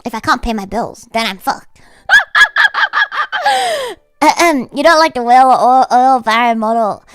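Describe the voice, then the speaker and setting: A woman livestreaming in casual chat, rambling with lots of fillers and breaking into high-pitched laughter. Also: normal speed, clear, resonant tone, no room sound, faint music behind. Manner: rambling, heavy use of "like".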